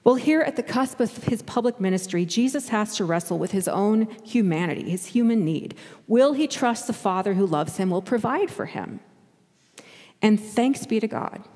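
A woman's voice: medium pitch, a little mellow, long reverb tail. A woman pastor delivering a sermon in a conversational way, acting out the voices she quotes.

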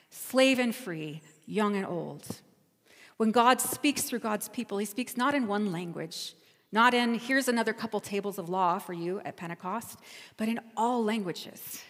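A woman's voice: mid-range voice, big-room sound. A woman pastor giving a sermon, telling a travel story in a conversational, storytelling way. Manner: storytelling, conversational, self-correcting.

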